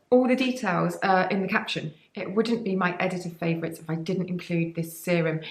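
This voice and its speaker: A woman's voice: medium pitch, reverberant. A woman, a beauty vlogger, chatting to camera about products with enthusiasm and rambling, cheeky asides. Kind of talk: sponsored product chat to camera.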